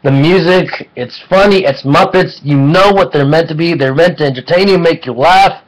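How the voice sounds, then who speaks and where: A man giving a casual online film review, excitable and rambling, with jokes between points. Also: on the high side, moderate pace, poor audio.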